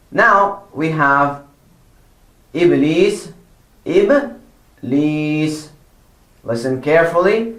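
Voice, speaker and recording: A man's voice: a little high, animated, drawn-out words, long pauses, a bit bright, echoey room. A man teaching children Quran pronunciation, drawing out each model word, repeating corrections and praising them. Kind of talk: slow, patient pronunciation lesson for children.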